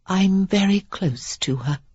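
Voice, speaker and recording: A reader plays a young Regency lady in disguise, husky and low, drawing out her words with coy teasing. Her pitch dips and climbs with playful flair over a dull, dry lo-fi recording. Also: lively intonation, slow pace, a little mellow, dry recording. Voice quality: throaty, low. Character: young woman posing as a notorious beauty.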